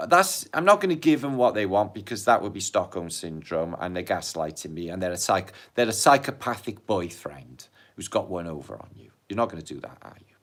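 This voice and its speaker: A man with a British accent hosting a casual livestream, reading out viewer comments and chatting in a jokey, sweary way. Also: on the low side. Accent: British English. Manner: chatty, jokey and sweary, swings between loud and hushed. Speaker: livestream host.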